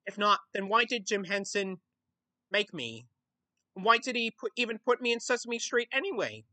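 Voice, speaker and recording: A man's voice: high voice, lively intonation, moderate pace, pushed and bright, voice pushed up, exaggerated voice. An Australian man doing an impression of a nervous, wondering male frog puppet, asking anxious questions. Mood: puzzled.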